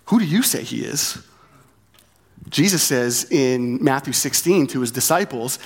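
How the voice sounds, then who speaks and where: Expressive and unhurried, a man with a medium-pitched, somewhat breathy voice preaches a sermon as pastor. He talks in a conversational way, repeating key phrases and often adding "right?"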